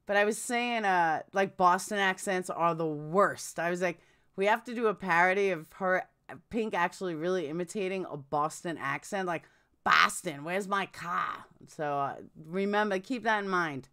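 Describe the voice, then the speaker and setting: A woman's voice: fairly low pitch, moderate pace, fairly bright tone, clean tone. A woman hosting a casual live stream, chatting and answering viewers' comments. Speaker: true crime live streamer.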